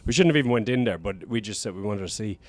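A man's voice: fairly low pitch, lively intonation, very fast. An Irish man on a podcast, telling rambling stories in casual chat and restarting his sentences often. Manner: rambling storyteller, frequent restarts and "do you know". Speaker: podcast guest.

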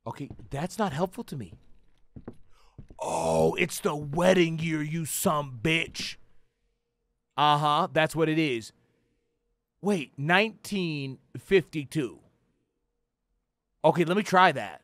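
A young man giving profane, slangy commentary on a horror game, yelling and cursing at jump scares. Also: a little high, slow, gravelly, long pauses, no room sound. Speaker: gaming YouTuber. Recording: faint background noise.

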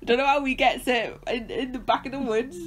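A woman's voice: sits high, fairly even intonation, brisk, slight background noise, pitched above the performer's own voice, natural voice. A woman putting on an exaggerated, teasing Bristolian accent as a joke impression during podcast banter. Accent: Bristolian, put on.

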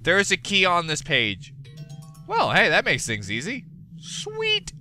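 A man giving gameplay commentary as a let's play gamer, excitable, profane and given to rants. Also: fairly high pitch, normal speed, soft background music.

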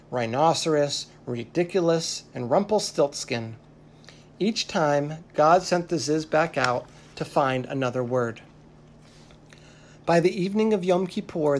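Slow, expressive children's storyteller. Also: mid-range voice. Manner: slow, expressive read-aloud.

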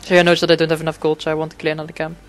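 A man's voice: on the high side, monotone, very fast, fairly bright tone, faint music behind. A man giving casual gameplay commentary, rambling and swearing a lot, with frequent fillers and restarts. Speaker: gaming commentator.

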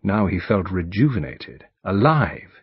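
A man with a British accent, reading a mystery audiobook aloud in a measured, expressive manner. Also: low-pitched, breathy edge, dry recording. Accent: British English. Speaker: audiobook narrator. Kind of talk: scripted narration. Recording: dull dry studio recording.

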